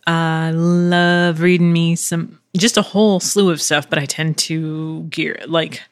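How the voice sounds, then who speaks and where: Woman podcast host, slightly low voice, chatty and loose, heavy on "like" and "um", swears freely, dry close recording. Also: flat delivery, slow pace, dry recording. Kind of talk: casual solo podcast chat. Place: living room at home.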